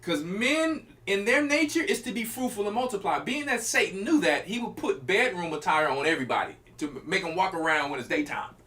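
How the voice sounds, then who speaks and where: A high-voiced man preaching as a church elder, his pitch swinging widely as he drives his points home. His tone is bright and forceful, and he talks to the congregation directly in a loose, conversational sermon style. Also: lively intonation, a little fast, few pauses. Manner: emphatic, colloquial preaching with direct address to listeners. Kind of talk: informal sermon teaching.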